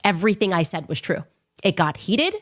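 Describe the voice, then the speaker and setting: A woman's voice: very animated, fairly quick, fairly bright tone. A woman hosting her own commentary show, talking in a combative, sarcastic way and mocking others in a raised voice. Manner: sarcastic, mocking impressions in a high voice; combative, emphatic. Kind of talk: opinionated commentary monologue.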